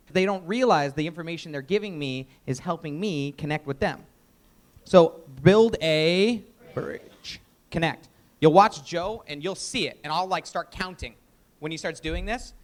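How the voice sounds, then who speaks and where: A man presenting a live sales training workshop, energetic and emphatic, often quizzing the audience. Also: on the high side.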